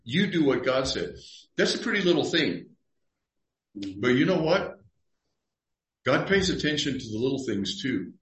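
Conversational pastor in an echoey room. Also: male voice, mid-range voice, big pitch swings, measured pace, pauses often, a bit bright. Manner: reads scripture aloud and acts out dialogue. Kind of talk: conversational Bible study teaching. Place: church room. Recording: roomy echo.

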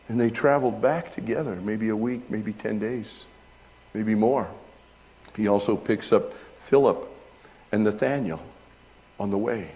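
A middle-aged male pastor preaching a sermon, reading from an old essay and rising to loud, high emphasis when retelling scenes. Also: big-room sound. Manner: reads aloud from an old essay between remarks.

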